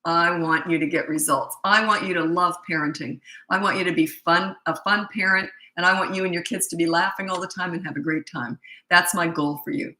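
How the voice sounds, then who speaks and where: This is a casual live Q&A where a middle-aged woman coaches parents who send in questions, bluntly and emphatically, repeating herself often. Her lowish voice is pushed and bright, with fairly even intonation and a slightly quick pace. The room is echoey and the audio quality poor.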